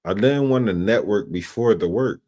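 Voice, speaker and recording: Male host, very low voice, relaxed and slangy, casual late-night chat. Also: normal speed. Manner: laid-back, musing, slangy. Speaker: show host.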